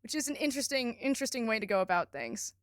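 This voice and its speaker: A young woman runs a tabletop game with a playful, giggly, rambling delivery. Her voice sits a little high and the close microphone sounds dry and near. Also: very animated, fast talker, no room sound. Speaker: dungeon master.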